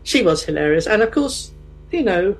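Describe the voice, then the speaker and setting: A woman's voice: medium pitch, moderate pace, a little hiss or hum, low-quality recording. A middle-aged woman chatting casually, telling a funny anecdote and acting out the people in it. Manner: animated storyteller who acts out quotes. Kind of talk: casual chat, storytelling.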